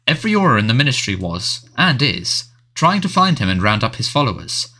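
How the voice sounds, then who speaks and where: A man voicing a harried middle-aged male wizard minister who sounds defensive and fretful, talking quickly and pleadingly. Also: medium pitch, sing-song, bright, forceful tone, voice pushed up.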